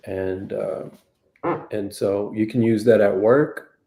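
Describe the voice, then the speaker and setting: A man's voice: on the low side, fairly even intonation, slow pace, vocal fry, mellow. A man hosting a casual livestream chat, easygoing and rambling, with a lot of fillers. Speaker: host. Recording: echoey room.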